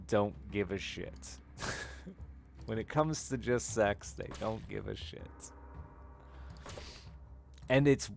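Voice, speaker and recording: A man's voice: lowish voice, creaky. A man streaming and chatting with viewers, telling candid, rambling personal stories with frequent laughs. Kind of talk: casual chat with stream chat.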